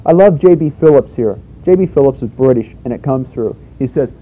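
A man's voice: high-pitched, animated, moderate pace, dull audio, a little hiss or hum. A man preaching a sermon in a conversational way, asking rhetorical questions and telling homespun stories.

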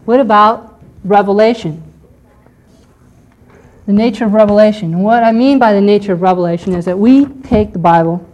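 A woman's voice: mid-range voice, a little mellow, low-quality recording. A woman teaching a Bible class in a conversational lecture style, often checking in with her listeners.

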